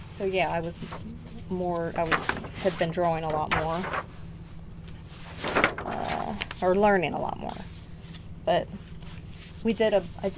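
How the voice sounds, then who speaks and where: A woman's voice: on the low side, heavy background noise. A middle-aged woman hosting a casual vlog, showing old artwork, rambling and correcting herself, short of breath. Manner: rambling, self-correcting, unsure recollections. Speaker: art channel host. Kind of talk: casual show-and-tell vlog.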